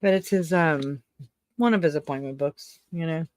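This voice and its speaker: A livestream host talks loosely to viewers and reads out their comments in a rambling, emotional way, often breaking into laughter. The pitch sits at a middling level. The recording is dry and close, with no room echo. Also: normal speed. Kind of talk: casual livestream chat, reading out viewer comments.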